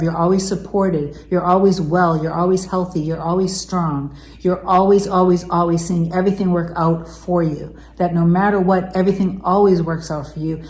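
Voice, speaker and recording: A woman with a lowish voice speaks earnestly to her viewers, piling up affirmations one after another. Her talk is heartfelt and emotional, recorded in an echoey room. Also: darkish tone. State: tearful, emotional. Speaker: manifestation coach.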